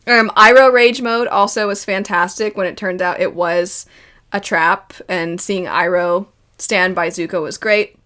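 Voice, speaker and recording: A woman in the middle of her range talks through a cartoon series in a loose, chatty commentary. She is animated and emotional as she goes, and she laughs often. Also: medium pitch, measured pace. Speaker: video host reviewing a cartoon series. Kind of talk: casual reaction commentary.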